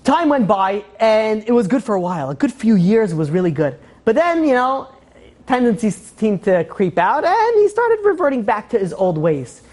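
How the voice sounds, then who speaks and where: A woman telling a moral story in a lecture, animated and acting out the characters' lines. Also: fairly high pitch, normal speed. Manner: animated, acts out quoted dialogue. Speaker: teacher of Torah.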